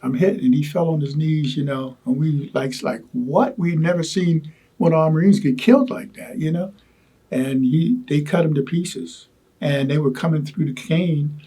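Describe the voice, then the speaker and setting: An older man recalling his wartime experiences in an oral history interview, talking haltingly with many repeated words and asides. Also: fairly high pitch, warm tone, husky. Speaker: Vietnam veteran interviewee.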